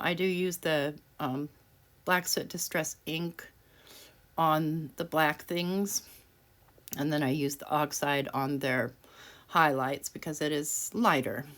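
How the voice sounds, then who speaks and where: A woman's voice: low voice, fairly bright tone. A woman hosting a craft tutorial, chatting casually and self-deprecatingly while she works, laughing often. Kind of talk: casual craft demonstration voice-over.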